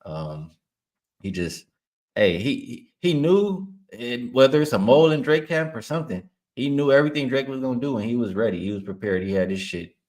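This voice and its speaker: A man's voice: mid-range voice, expressive, fairly quick, a little mellow. A man from Los Angeles, a guest on a betting show, talking easygoing casual chat and chuckling often. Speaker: guest sports bettor.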